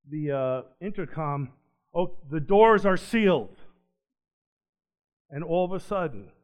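A man giving a personal testimony, telling his story earnestly and swinging between animated and hushed. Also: on the high side, clean tone. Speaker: ministry speaker. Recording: dull lo-fi recording.

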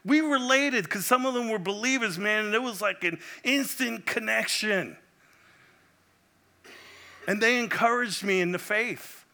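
A middle-aged Puerto Rican man, visiting as a guest pastor, preaches a sermon with passion, swinging from loud exclamations to hushed prayer. His voice sits high and a bit creaky, and he keeps a measured pace.

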